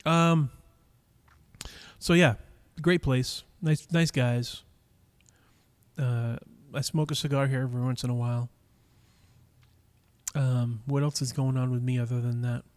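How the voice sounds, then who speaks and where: This man speaks at a medium pitch with a steady, clear, resonant tone, unhurried and broken by long pauses. He's live-streaming from a cigar lounge, talking into a mic in loose chat and poking fun at his viewers. His talk wanders, packed with fillers and false starts.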